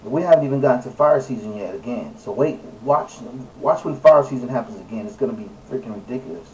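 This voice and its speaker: A man with a mellow, warm voice gives a casual scripture talk, emphatic and preachy, often stopping to correct himself. He sounds set back from the microphone, with faint room noise underneath. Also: medium pitch, expressive, quick pace, recorded from a distance, rough recording. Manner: preachy and emphatic, with frequent fillers and self-corrections. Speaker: religious video presenter. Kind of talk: casual scripture teaching while reading aloud and searching online.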